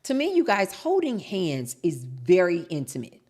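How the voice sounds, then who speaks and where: A woman's voice: lowish voice, huge pitch swings, normal speed, darkish tone. A woman vlogger chatting casually to her viewers, telling a story and acting out both sides of the dialogue. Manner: chatty, storytelling, addresses viewers as you guys; acts out both sides of quoted exchanges.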